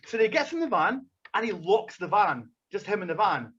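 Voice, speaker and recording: Brisk and barely pausing, a wrestler with a high voice delivers a profane podcast anecdote, cursing heavily and acting out the scenes as a lively storyteller. The audio is lo-fi with slight background noise.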